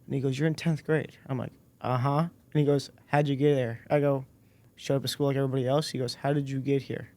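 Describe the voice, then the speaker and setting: A man in his twenties, a podcast guest, telling a personal story in a relaxed way and acting out the dialogue. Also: mid-range voice, quick pace. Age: 20s. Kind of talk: casual storytelling interview.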